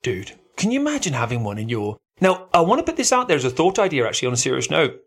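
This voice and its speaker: Animated man, lively pitch. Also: fast talker. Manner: animated, jumps to a high excited voice. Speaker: podcast co-host. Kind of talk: casual chat.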